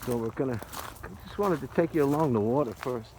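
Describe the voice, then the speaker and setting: A man's voice: medium pitch, brisk, background noise. An older retired man rambling and joking as he films a casual walking vlog outdoors. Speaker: vlogger. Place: outdoors in an arboretum.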